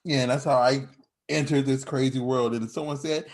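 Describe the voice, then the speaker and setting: A man's voice: mid-range voice, fairly even intonation, moderate pace, darkish tone. A man hosting a podcast in casual chat, rambling with frequent restarts and laughing as he talks. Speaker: podcast host.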